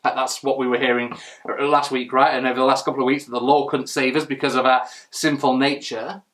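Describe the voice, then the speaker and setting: A man's voice: medium pitch, flat delivery, brisk, fairly bright tone. A man preaching a sermon in church, earnest and emphatic, asking rhetorical questions as he reads and explains scripture.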